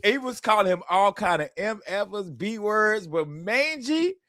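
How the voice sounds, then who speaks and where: A man's voice: high voice, lively intonation, a little slow, fairly bright tone, no room sound, studio quality. A man in his forties on a comedic radio show, telling stories in a laid-back, easygoing way. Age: 40s.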